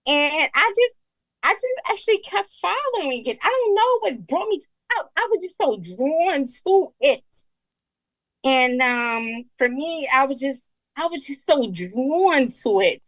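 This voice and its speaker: A woman's voice: high voice, sing-song, measured pace, fairly bright tone, no echo, low-quality recording. A young woman from Brooklyn, calling in and rambling with lots of fillers. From Brooklyn, New York. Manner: rambling, many fillers like "you know". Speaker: caller. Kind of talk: emotional call-in chat.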